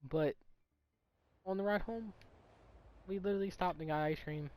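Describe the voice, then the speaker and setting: Young man, storytime vlogger, animated and profane, slightly high voice, noisy recording. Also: normal speed. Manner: animated, profane, laughing at himself. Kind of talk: casual storytelling.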